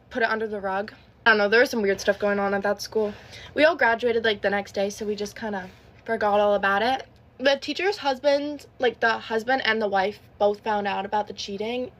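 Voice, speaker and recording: A young woman tells a gossipy storytime in a loose, casual way, packed with fillers. Her voice sits somewhat high.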